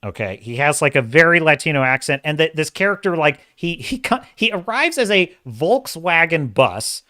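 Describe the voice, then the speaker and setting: At a normal speed and a fairly high pitch, a man hosting a live-stream podcast show offers a rambling movie review. He's animated and full of opinions, often stopping to correct himself mid-thought, in studio-quality sound with no room sound.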